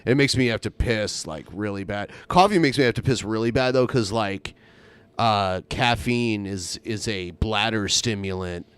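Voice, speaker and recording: A man's voice: on the low side, normal speed, a bit bright, smooth, no echo. A man co-hosting a podcast in casual chat, rambling with many fillers and laughing easily. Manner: rambling, lots of likes and uhs, laughs easily. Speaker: podcast co-host.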